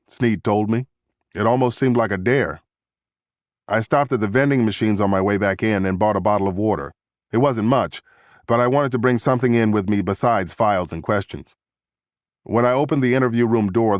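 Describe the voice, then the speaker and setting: Low-voiced man narrating a thriller. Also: no room sound, studio quality. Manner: measured, steady storytelling. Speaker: audiobook narrator. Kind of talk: first-person thriller narration.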